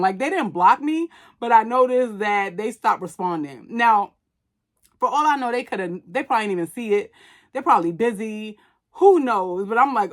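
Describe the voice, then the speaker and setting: A woman's voice: on the high side, expressive, a little fast, fairly bright tone. A woman hosting a podcast, giving blunt, casual commentary full of "like" and swearing. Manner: chatty, blunt and profane, with many "like" fillers. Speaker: podcast host reviewing a movie.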